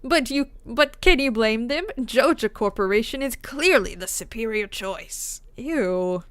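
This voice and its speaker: A woman's voice: fairly high pitch, expressive, measured pace, fairly bright tone, clean tone, dry recording. A woman streamer chatting casually and giggling while playing a game, self-mocking and talkative. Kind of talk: casual gaming stream commentary.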